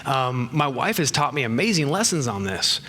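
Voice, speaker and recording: A middle-aged man teaching speaking skills to a live seminar audience, animated and acting out little exchanges in raised voices. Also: mid-range voice, moderate pace, slight background noise. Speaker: speaking coach.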